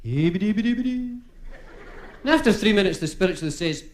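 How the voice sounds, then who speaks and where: A male stand-up comedian with a Dundee Scottish accent, telling jokes to a crowd in a chatty, punchline-driven way. His voice sits high and swings around a lot. It is live stand-up comedy. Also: lively intonation, unhurried. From Dundee, Scotland.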